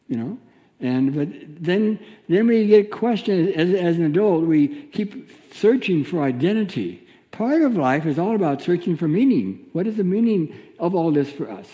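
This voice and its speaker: A man giving a sermon as a minister, teaching in a gentle, reflective way with pauses. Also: on the high side, in a large hall.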